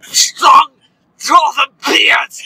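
A man voicing a bawdy, boastful male dwarf with a thick beard, in a loud, growling mock Scottish accent. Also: very high-pitched, steady tone, drawn-out words, a little hiss or hum, full character voice, low-quality recording.

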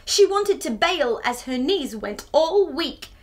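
Woman, children's storyteller, high pitch, very lively intonation, chatty asides. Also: takes it slowly. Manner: animated, chatty asides with gasps and giggles. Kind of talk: picture book read-aloud.

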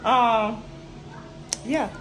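With music in the background, a woman whose voice sits on the high side talks extremely slowly. Tired and emotional, she walks her viewers through her new apartment and the building's indoor common areas on a phone camera, chatting and calling them "y'all."

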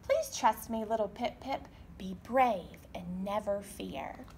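A woman voicing a gentle, loving mother penguin in a storybook reading, speaking softly and slowly. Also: a little high, big pitch swings, vocal fry, slight background noise, heavily acted. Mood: soothing. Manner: soft, soothing and slow.

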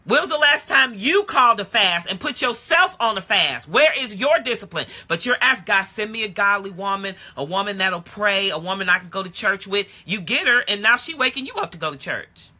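A woman preaching a live-streamed sermon in a casual, call-and-response way that swings from low talk to shouted praise. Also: lively intonation, a little fast, few pauses, slightly rough. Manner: casual street-talk phrasing. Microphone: phone or webcam live stream.

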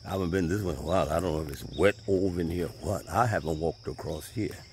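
This is a fast-talking man with a deep, slightly mellow voice, touring his land on foot near a pond. He's folksy and conversational with a Southern US way of speaking, while faint outdoor noise of birds and insects runs underneath.

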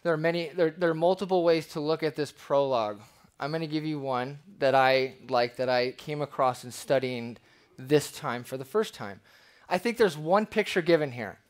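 A man preaching a sermon as pastor, conversational and lively, with playful asides. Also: a little high.

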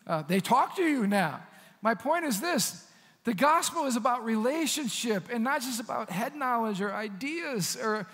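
A man preaching a sermon as pastor, in a conversational, animated style with asides to the congregation. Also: high-pitched, long reverb tail. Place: church sanctuary.

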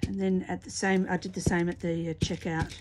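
A woman's voice: lowish voice, flat delivery, fairly quick, background noise. A woman hosting a craft video, chatting casually and talking herself through each step with murmured asides. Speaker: craft channel host. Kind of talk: casual crafting chat to camera.

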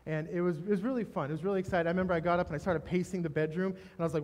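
A man preaching a sermon, telling a personal testimony in an emotional, halting way with many restarts. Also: sits high, fairly even intonation, a little mellow. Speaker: pastor. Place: church stage.

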